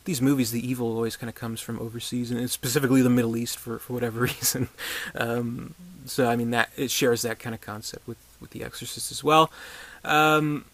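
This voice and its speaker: A man's voice: medium pitch, steady tone, fairly quick, fairly bright tone. A man giving a casual, rambling movie review, sarcastic and profane, with many restarts and chuckling asides.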